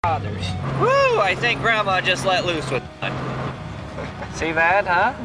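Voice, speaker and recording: A man voicing a cranky old grandmother who rides along in a fast car, talking in a shrill, quavering, fussy way. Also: background noise. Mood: giddy. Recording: loud music behind the voice.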